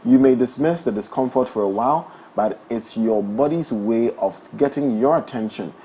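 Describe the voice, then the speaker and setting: A young man hosting a breakfast talk show, playful and quick to laugh, also reading live ads. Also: medium pitch, warm tone, a little hiss or hum. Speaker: morning show host. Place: studio.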